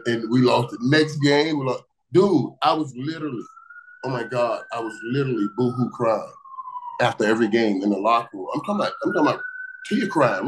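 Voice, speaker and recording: Animated storytelling man from Miami. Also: medium pitch, slight background noise, poor audio. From Miami, USA. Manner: lively, repeats words, bursts of laughter. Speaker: guest, former pro football receiver. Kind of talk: animated storytelling in casual conversation.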